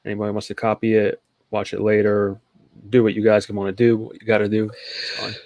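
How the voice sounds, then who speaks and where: A man's voice: fairly low pitch, completely flat delivery, a little fast, a little mellow, no echo. A man co-hosting a stream, chatting casually with viewers and ranting in a heated, profane way. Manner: heated, profane, talks to chat. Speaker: stream co-host. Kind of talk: casual reaction commentary.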